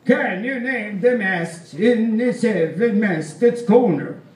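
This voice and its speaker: A man voicing a stern old Swedish sailor man, speaking slowly with a heavy accent, in a story told on stage. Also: sits high, animated, voice pushed up. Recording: roomy live hall, distant mic, faint ambience.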